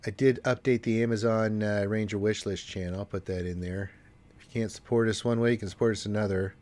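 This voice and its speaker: A man's voice: on the low side, steady tone, fairly quick, a little mellow. A congested man with allergies, hosting a casual gaming livestream and rambling with cursing asides. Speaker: livestream host.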